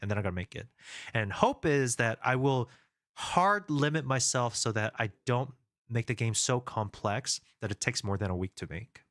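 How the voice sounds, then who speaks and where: A game developer streamer chats casually on a live stream, rambling with lots of fillers and restarts while reading viewers' comments aloud. His mid-range voice is lively and fairly bright at a moderate pace, captured in a dry, clean studio recording.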